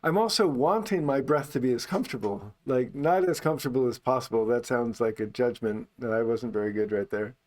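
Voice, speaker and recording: A man teaching meditation in an unscripted talk, speaking calmly and unhurriedly, only on the out-breath. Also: medium pitch, fairly quick, hardly any pauses.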